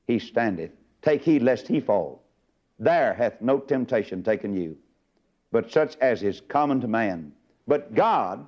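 An older man preaching a fiery, emphatic sermon, swinging from loud high bursts down to low murmurs. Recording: dull lo-fi sermon tape.

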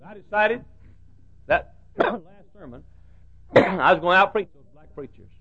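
A man's voice: high voice, animated, a little slow, a bit bright. An older man preaching a sermon with humorous storytelling and rhythmic repetition, in a muffled lo-fi recording.

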